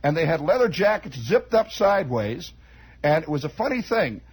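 A man's voice: a little high, big pitch swings, normal speed, slightly rough, low-quality recording. A man telling a long, rambling comic story, chatty and digressive, full of asides and restarts.

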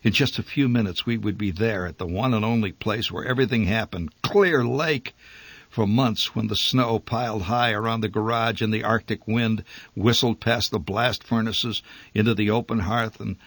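Wry male story narrator, deeper voice, close and dry. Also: fairly even intonation, moderate pace, a bit bright, husky, no room sound.

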